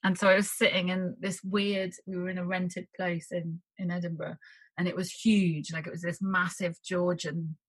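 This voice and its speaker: A chatty woman with a husky, slightly low voice tells anecdotes in relaxed conversation. She laughs easily and slips into quick impressions of herself. The sound is close and dry, with no room around it. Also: no echo, rough recording. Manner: chatty, laughs often, acts out quotes. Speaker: actress guest. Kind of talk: casual chat.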